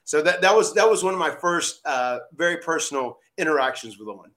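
A man who hosts a podcast, telling a story in a casual, animated way, acting out what other people said and often restarting his sentences. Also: a little high, a little fast. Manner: animated, acts out quoted voices, frequent restarts. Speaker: podcast host, former wrestler.

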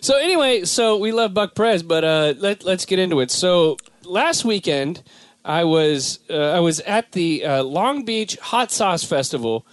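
A young man from Southern California hosts a casual comedy podcast, rambling along in an animated way and slipping into silly put-on impressions. His voice is high-pitched, his pace measured, and the recording dry.

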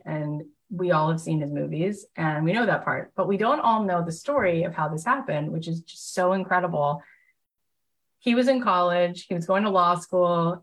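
Brief: woman motivational coach with a lowish voice, earnest and emphatic, speaks to listeners directly. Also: poor audio. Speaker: motivational coach and podcast host. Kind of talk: motivational talk with storytelling.

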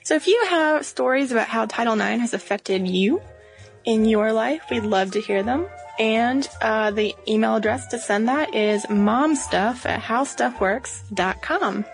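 A woman co-hosting a podcast in relaxed, conversational chat. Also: a little high, measured pace, gravelly, over music. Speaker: podcast co-host.

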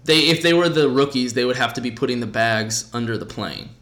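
A man hosting a podcast, telling a story in casual chat with lively, profane energy. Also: medium pitch, brisk. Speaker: podcast host.

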